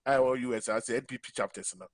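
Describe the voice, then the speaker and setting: Fast-talking man on radio. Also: medium pitch, fairly even intonation, no echo. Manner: mixes Twi and English, repeats phrases. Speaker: radio show regular. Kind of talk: call-in radio talk.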